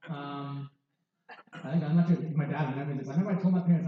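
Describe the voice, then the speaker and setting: A man's voice: fairly high pitch, fairly even intonation, fast talker, noisy background. A young man in his twenties sharing a candid personal testimony with wry, self-mocking humor. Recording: distant, dull, very echoey hall.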